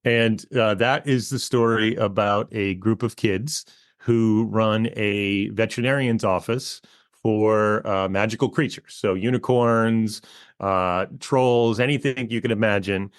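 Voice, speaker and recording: A man in his forties talks in a relaxed, rambling way, his lowish voice full of fillers as he explains his work. He is close on a microphone in a dry, dead-sounding space. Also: measured pace, smooth, no echo. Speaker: guest, educational comic author. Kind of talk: casual interview talk. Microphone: close podcast mic.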